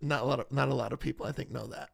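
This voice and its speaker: A man hosting a podcast in relaxed, chatty conversation that often trails off into fillers. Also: mid-range voice, very fast, vocal fry, no room sound, studio quality. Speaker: podcast host. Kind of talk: casual chat.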